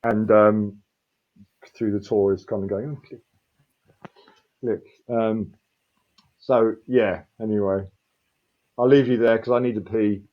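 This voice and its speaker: A man in his fifties, a street performer, telling a rambling, animated story and swearing freely. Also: lowish voice, a little slow, long pauses, lo-fi sound. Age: 50s. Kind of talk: casual storytelling.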